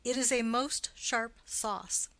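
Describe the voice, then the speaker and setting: A woman reading the part of a witty, mocking young male nobleman in an audiobook, with quick, playful, teasing delivery. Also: fairly high pitch, fairly even intonation, fairly bright tone, no room sound.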